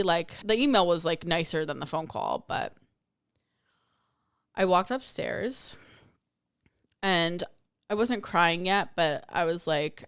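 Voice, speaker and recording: A young adult woman talks candidly through a personal story on her spiritual podcast, often slipping into the voices of the people in it. Her voice is smooth and clear, sitting a little low for a woman. The sound is close and dry, with no room around it. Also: expressive, takes it slowly, pauses often, a bit bright, dry recording. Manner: candid, storytelling with acted-out quotes. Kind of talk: personal reflective monologue.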